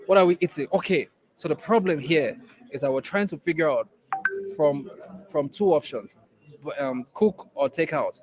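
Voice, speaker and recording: A man's voice: a little high, darkish tone, poor audio. A man with a Nigerian accent teaching a class in an emphatic way, repeating key points to drive them home. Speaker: innovation program instructor. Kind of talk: classroom lecture.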